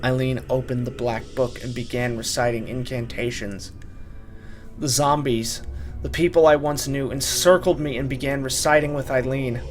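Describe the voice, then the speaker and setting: A man's voice: medium pitch, fairly even intonation, normal speed, soft background music. A man narrating a first-person horror story, dramatic and urgent in his telling.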